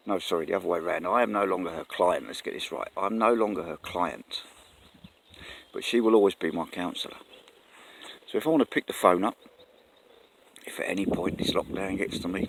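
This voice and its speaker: A man with a lowish voice and vocal fry vlogs to camera out in the countryside, casual and earnest. He rambles and keeps correcting himself. Faint outdoor noise and birdsong sit in the background.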